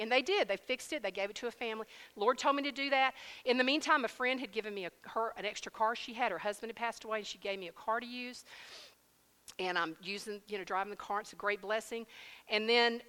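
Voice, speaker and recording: A woman preaches with a bright, fairly high voice. She tells her story in a lively, conversational way and calls her listeners y'all. Her voice rings with the long reverb of a hall. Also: fast talker, clear, resonant tone. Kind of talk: sermon testimony and prayer.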